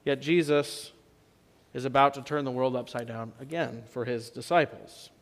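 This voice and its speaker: Male pastor, sermon, mid-pitched voice, conversational, dynamic emphasis, church reverb. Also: moderate pace. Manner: conversational storytelling, shifts loud and soft for emphasis. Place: church sanctuary.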